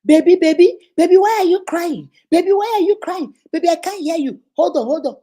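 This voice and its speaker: A woman voicing a hot-tempered man who hits his wife, loud and indignant as he justifies himself. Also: high voice, a little fast, close to an everyday voice. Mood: frantic.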